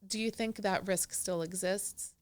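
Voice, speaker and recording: Kobieta prowadząca wywiad, dociekliwa, zadaje pytania i wtrąca krótkie reakcje, mówi głosem o średniej wysokości. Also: female voice, medium pitch, fairly even intonation, measured pace. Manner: inquisitive, interjects short replies. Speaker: interview host. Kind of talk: conversational interviewing.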